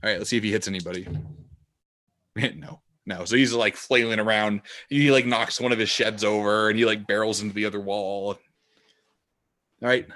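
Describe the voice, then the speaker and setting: A man narrating a tabletop game as game master, lively and full of sound effects. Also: lowish voice, normal speed, long pauses.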